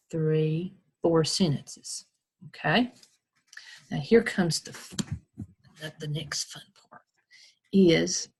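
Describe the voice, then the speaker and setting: A woman's voice: lowish voice, warm tone, breathy edge. An American woman teacher patiently walking children through a recorded screen tutorial, step by step.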